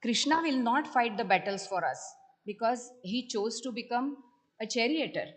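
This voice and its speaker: A woman's voice: a little high, animated, normal speed. A woman at a temple program, reading devotional takeaways aloud and explaining them in her own words. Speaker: temple speaker.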